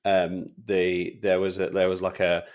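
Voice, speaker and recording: A man's voice: low-pitched, completely flat delivery, unhurried, a little mellow. A man co-hosting a property podcast from England, telling rambling anecdotes with lots of fillers. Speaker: podcast co-host. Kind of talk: casual chat.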